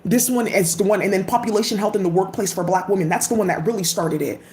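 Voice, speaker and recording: A woman's voice: medium pitch, fast, dark tone. A woman vlogger giving a casual, emphatic rant full of profanity. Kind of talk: casual ranting commentary. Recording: echoey room.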